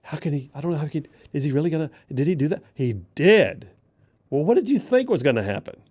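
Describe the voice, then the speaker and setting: A man's voice: fairly high pitch, expressive, fast talker, mellow. A man hosting a talk radio show, delivering an emphatic, folksy monologue, repeating phrases for punch.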